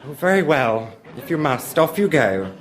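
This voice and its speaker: An actor playing a camp, flamboyant army officer in a radio sketch comedy, with an arch, quippy delivery. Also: male voice, a little high, very animated, moderate pace. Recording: live audience laughing, noisy.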